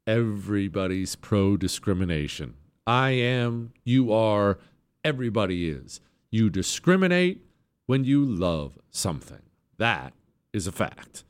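A man's voice: on the low side, measured pace, smooth. Emphatic male talk radio host. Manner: emphatic, sarcastic, lively delivery. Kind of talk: political talk radio monologue.

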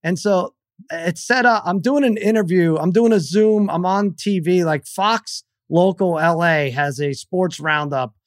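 A man's voice: a little slow, dry recording, clean studio sound. A middle-aged man co-hosting a podcast, telling stories in casual chat and acting out other people in raised voices. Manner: animated storyteller, mimics others in high voices. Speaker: podcast co-host.

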